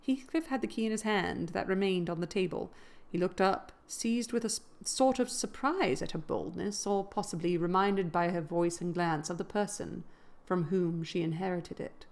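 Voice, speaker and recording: A woman reading a classic novel aloud. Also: on the low side. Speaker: reader.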